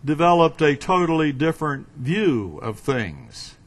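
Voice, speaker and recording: A man preaching a sermon in a slow, emphatic way, with dramatic swings between loud and quiet. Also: on the high side, very animated.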